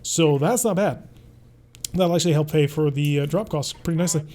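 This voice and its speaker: A man talking through his game as he plays, relaxed and chatty, thinking aloud. His voice sits a bit high for a man but sounds soft and mellow, never sharp. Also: a little fast. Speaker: host. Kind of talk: let's play gameplay commentary.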